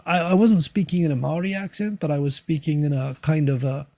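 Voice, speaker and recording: Gravelly New Zealand man hosting a stream. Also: on the high side, steady tone, fairly quick, dark tone. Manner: rambling, many fillers and restarts. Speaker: livestream host. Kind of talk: casual livestream commentary reading chat.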